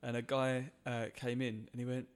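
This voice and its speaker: A man hosts a podcast conversation in a loose, casual way. His voice sits at an ordinary middle pitch, and he laughs along easily with his guest. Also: little pitch movement, normal speed, clear, resonant tone. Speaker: podcast host. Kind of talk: casual chat.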